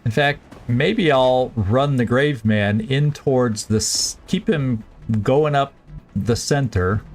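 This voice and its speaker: A man talking through a turn-based strategy game as he plays, at a middle pitch. He thinks aloud, restarting sentences and second-guessing his plans, with faint game music underneath. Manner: thinking aloud, halting restarts, planning moves. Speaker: gameplay streamer. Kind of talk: casual let's-play commentary.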